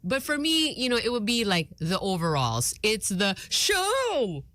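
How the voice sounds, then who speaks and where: Bright, dry-sounding radio co-host woman. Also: medium pitch, unhurried, dry recording. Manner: playful, expressive reactions. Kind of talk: casual morning radio banter. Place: radio studio.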